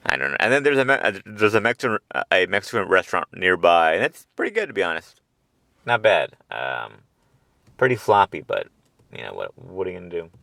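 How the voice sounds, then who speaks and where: A man's voice: sits low, very animated, fairly quick, gravelly, pushed and bright, dry recording, studio quality. A man hosting a podcast, telling a meandering, profane comic monologue with chuckling asides, taped on a handheld recorder in a parked car at night. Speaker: podcast host. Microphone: handheld portable recorder.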